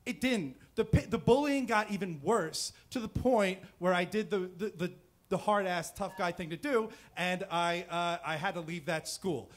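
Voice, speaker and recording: A man in his thirties from New Jersey tells a personal story on stage in a fairly high voice. He talks casually and rambles, with plenty of fillers and restarts. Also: moderate pace. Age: 30s. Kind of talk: live storytelling. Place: stage before a live audience.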